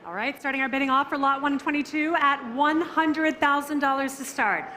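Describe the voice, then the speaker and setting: A woman working as an auctioneer, calling bids briskly and teasing the bidders in a live auction room. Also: high voice, steady tone, sharp tone.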